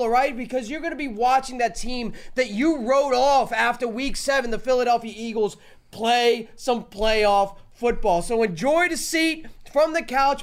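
A man hosting a sports podcast, talking emphatically, repeating himself and teasing rivals in a mock-sweet tone. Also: very high-pitched. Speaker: podcast host. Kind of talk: sports talk podcast rant.

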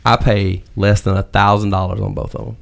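A man's voice: on the low side, flat delivery, brisk, creaky. A man in his thirties, a podcast co-host, talking casually in an emphatic, lecturing way and teasing the others. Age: 30s. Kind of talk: casual chat.

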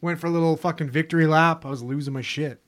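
A man co-hosting a podcast, chatting in casual, excitable banter with a lot of swearing. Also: a little high, fast talker. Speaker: podcast co-host.

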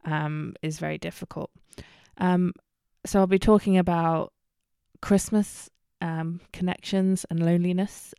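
Woman, solo podcast host: unhurried, candid, um-heavy chat, smooth tone, dry close mic. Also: fairly low pitch, warm tone, no echo. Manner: chatty, candid, many ums and self-corrections.

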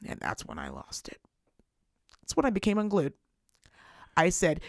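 A woman co-hosting a podcast, telling a profane, animated story and acting out the people in it. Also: medium pitch, fairly quick, long pauses, no echo, studio quality. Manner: animated, profane, acts out voices. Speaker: podcast co-host. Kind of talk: casual chat, storytelling rant.

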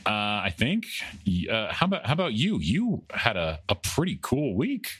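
A man's voice: mid-range voice, wildly swooping pitch, moderate pace, a bit bright, slightly rough, no echo. A man in his thirties co-hosting a podcast in casual chat, rambling and jokey, poking fun at himself. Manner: rambling, jokey, self-deprecating. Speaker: podcast co-host.

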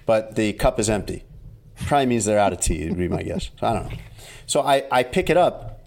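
A man's voice: lowish voice, animated, brisk, gravelly, a little mellow. A man co-hosting a podcast, telling stories in a wry, exasperated casual chat. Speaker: podcast co-host.

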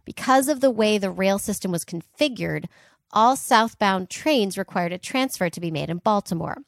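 A woman's voice: mid-range voice, animated, normal speed, gravelly, no room sound. A woman co-hosting a podcast, telling a history story in a casual, joking way with fillers and asides. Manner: chatty, jokey, fillers and asides. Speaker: podcast co-host.

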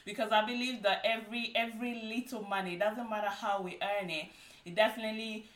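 A woman's voice: medium pitch, steady tone, brisk, fairly bright tone. A woman hosting an interview, affirming her guest and asking questions. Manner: encouraging, affirming. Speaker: interview host. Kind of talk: interview conversation. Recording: roomy, distant mic.

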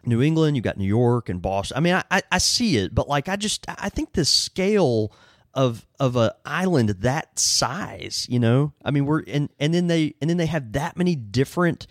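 Southern US man, podcast co-host, halting and expressive, mid voice, dry room. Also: mid-range voice, dry recording. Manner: halting, self-deprecating, repeats words. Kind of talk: casual podcast chat.

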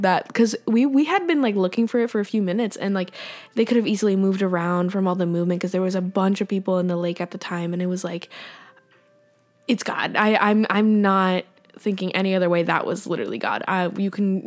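A young woman talks off the cuff on her own podcast, rambling from thought to thought with lots of fillers. Her voice sits at an ordinary middle pitch, and she slips in small laughs as she goes. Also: brisk, faint music behind. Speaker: podcast host. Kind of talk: casual faith podcast monologue.

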